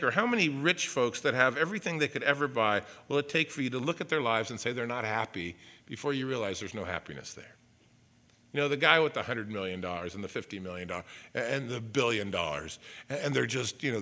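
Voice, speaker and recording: Male pastor, animated sermon, bright tense tone, acts out quotes. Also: medium pitch. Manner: animated preaching with asides and acted-out quotes.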